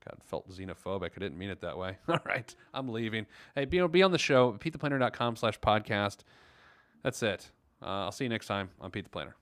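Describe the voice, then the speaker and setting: A man's voice: on the low side, animated, fairly quick, fairly bright tone. A man hosting a financial advice podcast, talking easily with a caller and using lots of filler words. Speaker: podcast host and financial planner. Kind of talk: casual advice chat with a caller.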